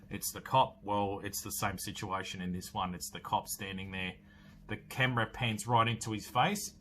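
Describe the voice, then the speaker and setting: Aussie guy in his 40s rambling thru a movie plot, lowish voice with a bright edge. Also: slight background noise. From Australia. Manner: rambling, filler-heavy storytelling with many restarts. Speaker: podcast host. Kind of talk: casual film review recap.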